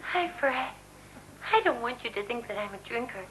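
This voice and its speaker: A man voicing a tipsy, flirty woman leaving a breathy message on an answering machine. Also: extremely high pitch, animated, normal speed, bright, forceful tone, slight background noise, voice pushed up, exaggerated voice, rough recording.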